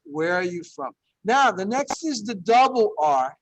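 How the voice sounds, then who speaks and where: A man's voice: sits high, sing-song, a little slow, poor audio. A man teaching a Spanish class, encouraging students and drilling pronunciation through repetition. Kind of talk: classroom language lesson.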